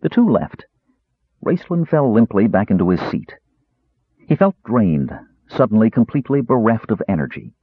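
A man narrating a fantasy novel in an expressive storytelling way. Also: on the low side, moderate pace, slightly rough, dry recording. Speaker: audiobook narrator. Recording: dull lo-fi recording.

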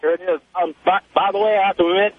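A man's voice: high-pitched, fairly even intonation, racing. A man in his twenties calling a radio talk show and telling a boastful story in slangy, casual chat over a phone line. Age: 20s. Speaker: caller. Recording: tinny phone line with faint hiss.

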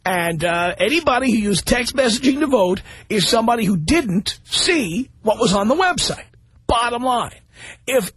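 A man's voice: very high-pitched, a bit bright, husky, no room sound. A man hosting a call-in radio talk show, blunt and combative as he rants his opinions.

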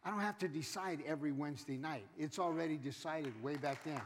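Male pastor, middle-aged, high voice, animated sermon, shouts and quiet asides, long church reverb. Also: brisk, crowd noise, background noise. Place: church sanctuary.

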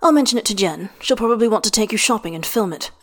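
A woman's voice: mid-range voice, lively intonation, fast. A woman voicing a teasing male ex-Olympian coach.

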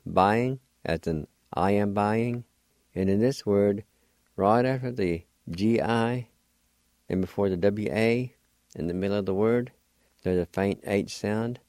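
A deep-voiced man leads a radio language lesson at an unhurried pace. He spells every word out letter by letter before he sounds it out. His voice is mellow and dark, and the recording is dry and close with almost no room sound. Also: no echo. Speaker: radio host teaching words.

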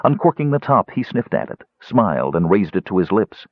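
A man reading a fantasy novel aloud as narrator with an expressive, dramatic delivery. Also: on the low side, a little fast, no room sound, dull audio. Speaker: audiobook narrator. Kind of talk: scripted narration.

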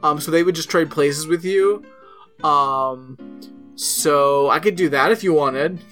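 A man's voice: a little high, slow pace, a bit bright, faint music behind. Rambling, swearing male podcast co-host. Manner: rambling, profane, filler-heavy. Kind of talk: casual chat recapping a TV episode.

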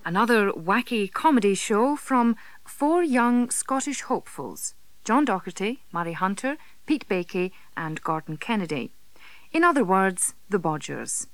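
A woman's voice: medium pitch, expressive, a little slow, no room sound. A woman giving a dry, sardonic introduction to a comedy show. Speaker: announcer.

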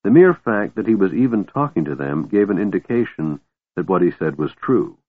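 A man's voice: low voice, husky, no echo. Male narrator, thin phone-like sound. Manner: steady, measured storytelling. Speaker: audiobook narrator. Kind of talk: scripted fantasy narration. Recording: narrow phone-like band, dry.

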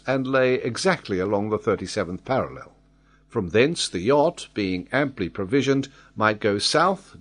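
A man narrating a classic adventure novel in a measured, steady audiobook reading. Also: fairly low pitch.

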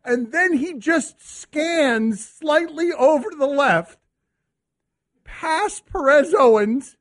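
A man hosting a sports talk radio show, his voice sitting high for a man. He tells stories with bursts of excitement and laughs between words. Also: slow. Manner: excitable storyteller, laughs while talking. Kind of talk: animated radio banter.

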